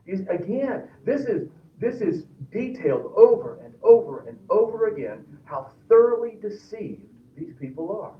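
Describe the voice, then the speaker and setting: Male Bible class teacher, slightly high voice, animated and halting, heard from across a roomy church classroom on a tinny, phone-like recording. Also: recorded from a distance, a little hiss or hum. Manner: animated, repeats words when restarting, reads scripture aloud. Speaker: Sunday school teacher.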